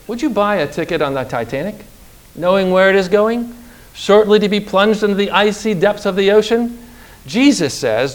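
A middle-aged man preaching a sermon, emphatic and slow, with dramatic pauses and rhetorical questions. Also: sits high, lively intonation.

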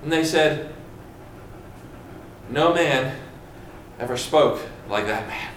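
A man preaches a sermon in a slightly high voice at a slow pace, asking the congregation questions and building with dramatic emphasis. The room is echoey with faint ambience, and there's slight background noise.

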